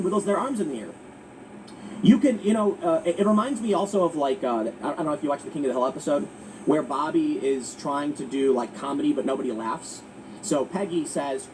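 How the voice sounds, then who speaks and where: A man hosting political commentary, talking in an emphatic, animated way with frequent restarts. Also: on the high side, quick pace. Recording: distant mic with faint ambient noise.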